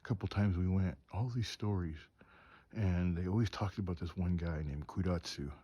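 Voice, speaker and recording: A man's voice: low voice, normal speed, mellow, husky, no echo, lo-fi sound. A man telling stories in a rambling, chuckling way, cold and shivering outdoors at night. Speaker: storyteller and craftsman. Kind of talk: casual storytelling. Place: outdoors at night on a mountain trip.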